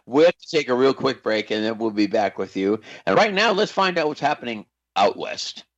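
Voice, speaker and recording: A man's voice: medium pitch, expressive, moderate pace, dull audio. A man hosting a talk radio show, chatting in a folksy way with a guest and giving out the call-in number. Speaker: radio host.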